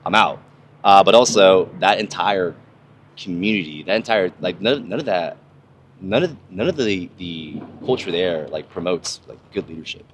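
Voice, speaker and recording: Low-voiced young guy, ex-army, cussing a lot, rambly podcast talk, bit of hiss. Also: lively intonation, normal speed. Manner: profane, rambling storyteller. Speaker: podcast host, army veteran. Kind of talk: casual conversation.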